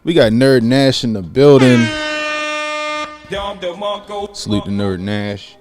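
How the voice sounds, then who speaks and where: A man in his late thirties from Baltimore, hosting a casual livestream, greeting chat viewers and telling a story with lively acted-out quotes. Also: mid-range voice, slow pace, faint music behind. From Baltimore, USA. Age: 30s. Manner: animated, acts out quotes, greets chat by name. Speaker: livestream host.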